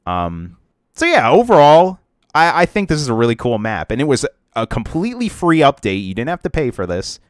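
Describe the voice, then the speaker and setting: A man's voice: medium pitch, very animated, a little fast, hardly any pauses, no room sound, clean studio sound. A young man co-hosting a casual podcast about video games, rambling with lots of fillers and restarts. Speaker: podcast co-host.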